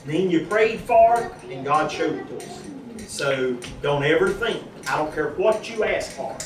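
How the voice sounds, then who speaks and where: A man's voice: fairly high pitch, unhurried. A man telling a church congregation a personal testimony, acting out the conversations he quotes. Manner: animated storytelling, acting out quoted dialogue. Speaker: husband giving a church testimony. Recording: echoey room from far off with a crowd.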